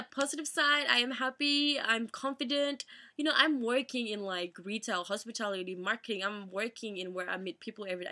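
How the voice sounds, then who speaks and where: A young woman talks straight to her viewers, her voice bright and edged with vocal fry. She speaks haltingly, near tears, restarting her sentences and filling gaps with "like" and "you know.". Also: medium pitch. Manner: tearful, halting, many fillers and restarts. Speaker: vlogger. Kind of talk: emotional personal vlog.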